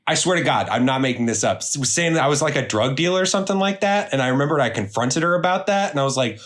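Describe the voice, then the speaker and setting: A young man co-hosting a casual podcast, telling a story in an animated, indignant way and swearing freely. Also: on the high side, quick pace. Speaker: podcast co-host.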